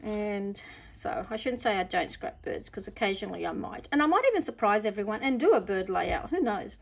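A woman's voice: mid-range voice, lively intonation, fairly quick, gravelly, husky. A middle-aged woman with an Australian accent, chatting casually as she unboxes craft supplies, gushing with delighted exclamations. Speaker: craft vlogger.

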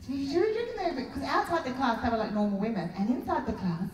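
A high, swooping middle-aged Australian woman delivers a stand-up routine, mocking herself with quick punchy asides. She sounds distant from the mic in a big echoey hall, with loud audience laughter rolling behind her. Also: crowd noise, background noise. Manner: animated, self-mocking storytelling with punchy asides. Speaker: stand-up comedian. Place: large expo hall stage. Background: audience laughing loudly.

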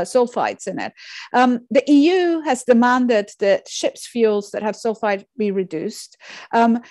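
Woman lecturer, slightly high voice, dry close recording, halting and careful. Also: darkish tone, no echo. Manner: measured, many fillers and restarts. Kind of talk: academic lecture with slides.

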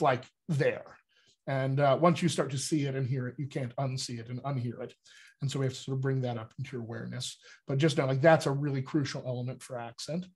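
Brief: male dialect coach, slightly high voice, lively and chatty, explains things like a teacher. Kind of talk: casual explanatory teaching talk.

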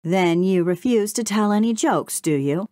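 A woman reading a storybook and voicing a polite, earnest male beaver who speaks calmly and matter-of-factly. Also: mid-range voice, moderate pace, no room sound, clean studio sound, close to an everyday voice.

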